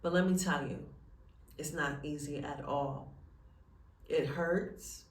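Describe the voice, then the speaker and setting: A woman's voice: deep voice, steady tone, slow, reverberant, recorded from a distance. A woman telling her own story in a personal vlog, earnest and close to tears as she talks about faith. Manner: tearful, earnest and faith-filled. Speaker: vlogger.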